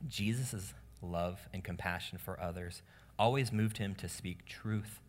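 A man preaching a sermon as pastor, animated and casual, acting out voices of the people in the story. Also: low-pitched, unhurried. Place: church room with congregation.

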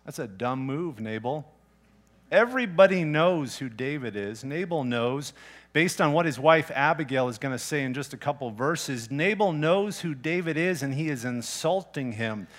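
A man's voice: a little high, expressive, moderate pace, fairly bright tone. A man preaching a sermon in a plain, conversational way, reading scripture aloud and asking his listeners pointed questions. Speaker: pastor.

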